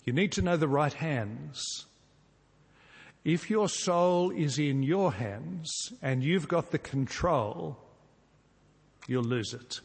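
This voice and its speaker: A man preaching a sermon, earnest and emphatic, repeating key phrases and dropping suddenly soft to drive a point home. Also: fairly high pitch, lively intonation, takes it slowly, creaky, long pauses, slightly rough. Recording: long reverb from a large hall.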